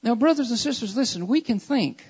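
High-voiced woman preaching in an echoing hall. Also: lively intonation, a little fast, darkish tone, breathy edge. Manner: impassioned, repeats lines for emphasis. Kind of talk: sermon. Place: large church hall. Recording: dull recording in echoing hall.

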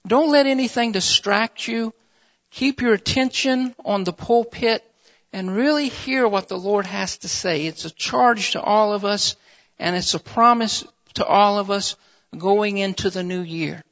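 A man's voice: high voice, unhurried, a bit bright, long reverb tail, dull audio. A man preaching a sermon from the pulpit, reading scripture and then building into fervent exhortation. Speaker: pastor. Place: church sanctuary.

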